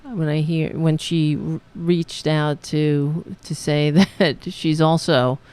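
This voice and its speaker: A woman hosting a live-streamed show, chatting in a rambling, halting way, laughing and thanking viewers. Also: low-pitched, steady tone, a little mellow, smooth. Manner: rambling, halting, laughs often, talks to her cats. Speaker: podcast host reading viewer comments. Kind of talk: casual live-stream chat.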